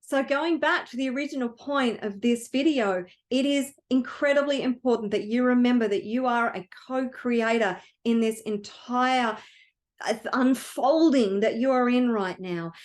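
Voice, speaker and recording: A woman's voice: on the high side, moderate pace. A woman wealth coach giving an earnest, emotional motivational talk, telling a story to her viewers.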